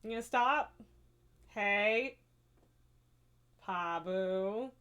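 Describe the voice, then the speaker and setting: A woman's voice: medium pitch, very animated, measured pace, long pauses, a bit bright. A woman streaming live, chatting casually and cooing and scolding her pets in baby talk. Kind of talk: casual livestream chat.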